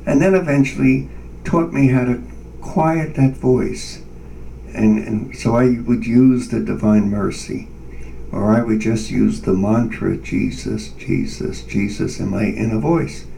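A man guest earnestly telling a personal faith story in conversation, animated and vivid. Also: mid-range voice, gravelly, recorded from a distance, a little hiss or hum, rough recording.

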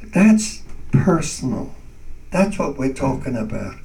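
A man shares a personal faith testimony in an interview, earnest and animated. His voice has a gravelly texture and sits a little back from the microphone. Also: mid-range voice, slow, distant mic, poor audio. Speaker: guest.

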